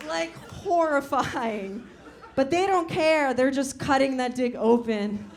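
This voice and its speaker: A young woman doing stand-up, telling a story with lots of laughter and shouted voices. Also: high voice, slow. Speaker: stand-up comedian.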